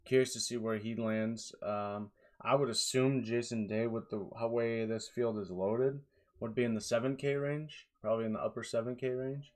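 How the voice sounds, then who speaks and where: A man's voice: medium pitch, steady tone, moderate pace, darkish tone. A young man in his twenties giving rambling, tired solo commentary on fantasy golf picks, with lots of fillers and restarts.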